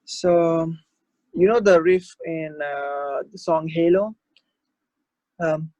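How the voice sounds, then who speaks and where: A man teaching a singing workshop over a video call, explaining in a relaxed, halting way between short sung demonstrations. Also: high voice, dry recording. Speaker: guest vocal coach.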